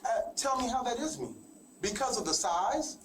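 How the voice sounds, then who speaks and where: A man's voice: extremely high pitch, sing-song, normal speed, reverberant. A man being questioned as a suspect, answering defensively and hesitantly, sometimes sarcastically. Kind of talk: police interrogation. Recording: noisy interview room recording.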